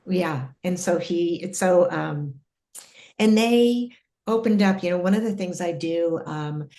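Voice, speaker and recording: Low-voiced woman recounting spiritual visits. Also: a little slow, dark tone. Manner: earnest, many fillers and restarts. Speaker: guest telling spiritual experiences. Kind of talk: casual interview storytelling.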